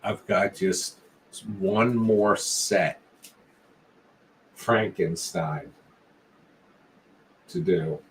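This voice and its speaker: A man hosting a casual late-night video diary, talking in a low-key, mumbling way. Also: very slow, long pauses, slight background noise. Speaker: vlog host.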